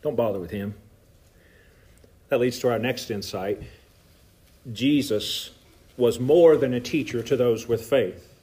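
A man with a Southern Appalachian accent, preaching a sermon in a folksy, animated way with asides to the congregation. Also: medium pitch, a little slow. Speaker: pastor. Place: church.

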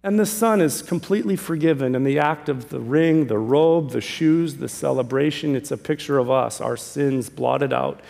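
A male pastor preaching a sermon, emphatic, swinging from loud calls to hushed pleas. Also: medium pitch, normal speed, vocal fry, few pauses. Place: church sanctuary. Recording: long reverb of a large hall.

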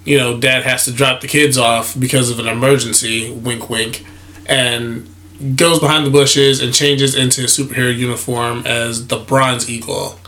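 Man, bright voice, relaxed, rambling, lots of "you know". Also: mid-range voice, moderate pace. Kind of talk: casual plot retelling.

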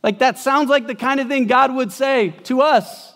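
A man preaching a sermon in a conversational way, moving from loud bursts to hushed passages. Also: very high voice, normal speed. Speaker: pastor. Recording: long hall reverb.

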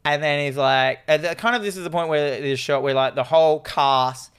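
A man's voice: fairly high pitch, clear, resonant tone. Rambling man recapping a film. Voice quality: rambling, animated retelling with quick put-on voices. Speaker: podcast co-host. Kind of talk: casual film recap chat.

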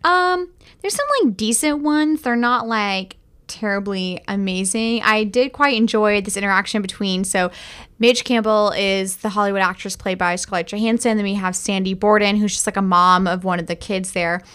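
A woman's voice: medium pitch, normal speed, a bit bright, clear, resonant tone. A woman co-hosting a movie review podcast, chatty and emphatic, swearing casually as she talks. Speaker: podcast co-host.

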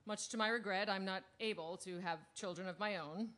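Brief: woman as a bright, sugary celebrity letter-writer, audio drama. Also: mid-range voice, fairly quick, lightly acted. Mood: gushing. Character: gushing famous TV actress writing a charity letter.

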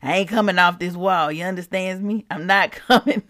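Sassy stubborn old prophet, as a woman preaching puts him on, with a bright, forceful voice that keeps brushing off every request. He refuses again and again, dismissive and unbothered. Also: fairly low pitch, moderate pace, close to an everyday voice. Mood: incredulous. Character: defiant ancient male prophet, stubborn.

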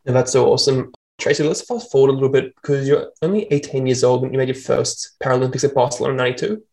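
Fast-talking upbeat interview host. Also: medium pitch, fairly even intonation, a little mellow, rough recording. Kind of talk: scripted interview introduction.

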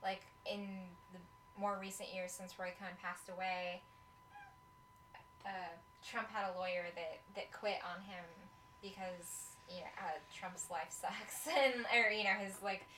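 A woman's voice: mid-range voice, steady tone, unhurried, sharp tone, recorded from a distance, a little hiss or hum. A woman from the United States co-hosting a casual chat, talking in a chatty way with many fillers and some swearing. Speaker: podcast co-host. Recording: echoey room, off-mic with faint ambience.

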